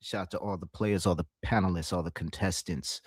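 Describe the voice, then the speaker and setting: Dry, animated man reacting on a live stream. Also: low-pitched, fairly quick, breathy edge, dry recording. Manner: loose, profane and animated, mimicking voices in clips. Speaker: stream commentator.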